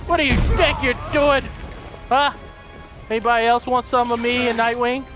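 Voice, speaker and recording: A man commentating a let's play in a loud, excitable way, shouting and swearing at the game. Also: very high-pitched, normal speed. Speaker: gamer. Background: game music.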